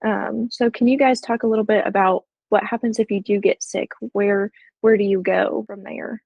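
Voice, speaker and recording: A woman's voice: mid-range voice, fairly even intonation, moderate pace, gravelly, slightly rough, no echo, lo-fi sound. A woman co-hosting a health podcast, asking conversational questions. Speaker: podcast co-host. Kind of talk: casual chat, asking questions.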